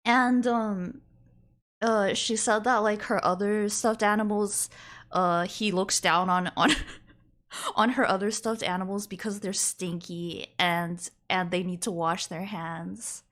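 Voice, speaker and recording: A young woman with a Canadian accent chats casually on a stream, telling stories in a giggly, animated way. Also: mid-range voice, a little slow. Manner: giggly, chatty, animated storytelling. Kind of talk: casual chat.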